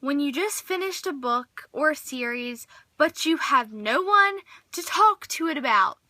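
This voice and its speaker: A woman's voice: sits high, animated, unhurried, sharp tone, no echo. A young woman in her teens vlogging a comedic monologue, dramatic and exasperated, acting out little scenes.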